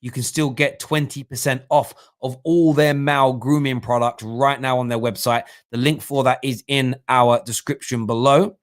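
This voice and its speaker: A man's voice: mid-range voice, steady tone, normal speed, few pauses. A man hosting a live-streamed football fan talk show, giving opinionated analysis and thinking aloud with restarts.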